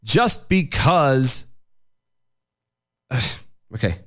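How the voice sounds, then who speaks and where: A man's voice: mid-range voice, very animated, drawn-out words, fairly bright tone. A man co-hosting a casual podcast, reading news quotes aloud and ranting in exasperation. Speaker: podcast co-host.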